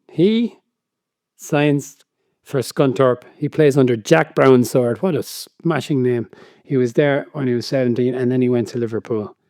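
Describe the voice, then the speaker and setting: Brief: male podcast co-host, mellow tone, dry close sound, curious and quick to laugh. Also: mid-range voice, no echo. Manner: curious, laughs often, retells stories. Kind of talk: casual chat.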